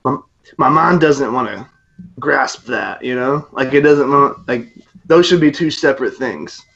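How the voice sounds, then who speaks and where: A man's voice: mid-range voice, unhurried, vocal fry, a bit bright. A young man co-hosting a casual podcast chat over a video call, joking and laughing often. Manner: laughs a lot, loose and joking. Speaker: podcast co-host. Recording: dull lo-fi call audio.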